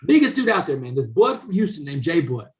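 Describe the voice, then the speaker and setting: Man, middle-aged, slightly high voice, casual storytelling, keeps saying man. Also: quick pace. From Southeast Texas, USA. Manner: animated, drops "man" into nearly every sentence. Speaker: podcast guest, author and speaker.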